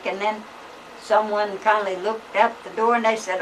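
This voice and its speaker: A woman's voice: medium pitch, fairly even intonation, moderate pace. An older woman, telling family stories in a folksy, rambling way with lots of fillers. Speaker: family storyteller. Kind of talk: casual storytelling. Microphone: camcorder microphone. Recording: home video camera from a distance, faint hiss.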